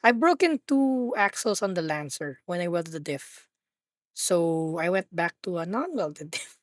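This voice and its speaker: Excitable young woman streaming a racing game. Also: fairly low pitch, measured pace, no room sound, clean studio sound. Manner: excitable, swears, laughs often, talks to chat. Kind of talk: casual live-stream chat while gaming.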